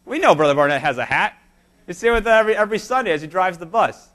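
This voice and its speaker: A man's voice: sits high, lively intonation, fast, a bit bright. A man preaching a sermon in church, speaking emphatically and telling stories to his congregation. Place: church service.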